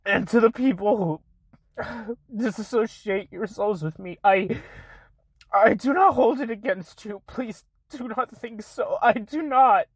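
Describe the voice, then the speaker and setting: Shaky, tearful young woman apologizing slowly. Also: fairly high pitch, breathy edge, no echo. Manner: halting, breaks off and restarts, repeated apologies. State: shaky, close to tears. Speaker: content creator.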